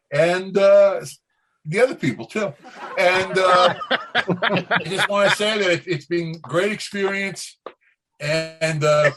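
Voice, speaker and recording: A man giving a halting, deadpan toast full of "uh" fillers as a guest comedian. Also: sits high. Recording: noisy podcast recording.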